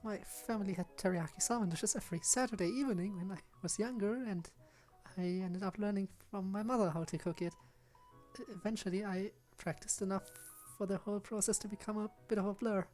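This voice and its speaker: A man voicing a shy, bookish young woman from a visual novel, soft, hesitant and polite. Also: high voice, brisk, faint music behind, voice pushed up, close to an everyday voice. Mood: gentle. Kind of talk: reading visual novel lines aloud.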